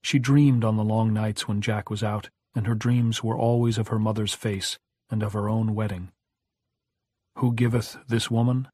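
A man reading a novel aloud as an audiobook narrator, in a measured, even storytelling manner. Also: lowish voice, slightly rough, dry recording, studio quality. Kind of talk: scripted narration.

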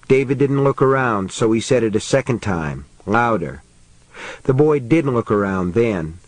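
Male narrator, audiobook, steady, measured, mid pitch, dry close sound. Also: no echo, low-quality recording.

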